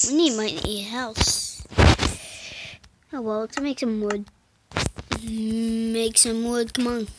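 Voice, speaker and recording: A woman giving casual let's-play commentary while she plays, muttering to herself, slipping into whispers and breaking into sudden excited outbursts. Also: on the high side, drawn-out words, pauses often, background noise.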